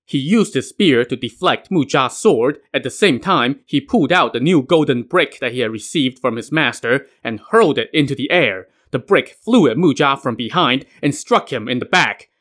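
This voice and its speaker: A man's voice: mid-range voice, expressive, moderate pace, few pauses, a bit bright. A man narrating a myth retelling in a casual way, with wry modern asides. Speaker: podcast narrator.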